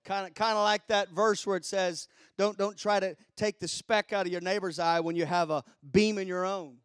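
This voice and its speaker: A man preaching a sermon. He swings from hushed asides to shouted preaching and keeps crying out hallelujah and glory. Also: sits high, steady tone, moderate pace, clear, resonant tone, no room sound, clean studio sound. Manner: exclaims hallelujah and glory often.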